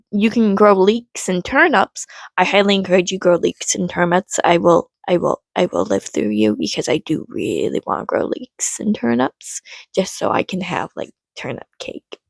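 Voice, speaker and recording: A woman ranting on her vlog from home, rambling and swearing, swinging from low mutters to loud, exasperated outbursts. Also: gravelly, dry recording. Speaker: vlogger.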